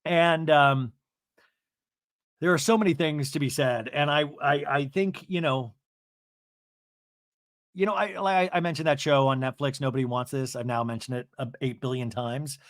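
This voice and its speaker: A man's voice: medium pitch, fairly even intonation, normal speed, pauses often, a bit bright, dry recording, clean studio sound. A man hosting a casual TV recap podcast, rambling and thinking aloud with many restarts. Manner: rambling, lots of you-knows and restarts. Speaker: podcast host.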